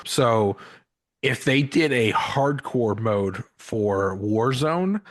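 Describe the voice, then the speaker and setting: A man's voice: medium pitch, lively intonation, drawn-out words. A man who is a guest on a gaming podcast, talking hesitantly with many ums in casual chat.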